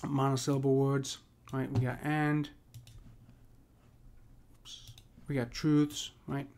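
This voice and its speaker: Slow, level, gravelly, and a little mellow at medium pitch, a poetry teacher casually walks through meter. He rambles, restarts many times, and repeatedly asks "right?"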